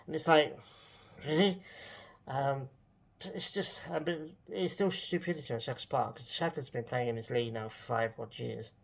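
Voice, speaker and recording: A man with a gravelly, creaky voice vents in a rambling vlog rant. He sounds exasperated and sarcastic, with lots of ums and restarts as he picks his words. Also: mid-range voice, normal speed. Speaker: football fan vlogger. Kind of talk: casual ranting monologue.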